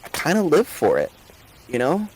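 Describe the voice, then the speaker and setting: A man's voice: fairly high pitch, normal speed, husky, pitched above the performer's own voice, heavily acted, rough recording. A man voicing a restless young woman cook. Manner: rambling, animated, frequent fillers.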